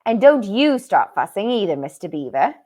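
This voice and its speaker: A fussy, practical mother beaver who bustles and bosses everyone kindly, put on by a woman reading a storybook aloud. Her lilt wanders between Irish and English, and her pitch swings lively through each line. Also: natural voice. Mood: bustling. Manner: brisk, bossy, soothing.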